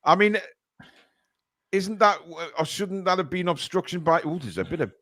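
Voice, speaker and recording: A man hosting live fan commentary of a football match, calling the play-by-play and bursting into shouts at big chances. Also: high-pitched, lively intonation, moderate pace.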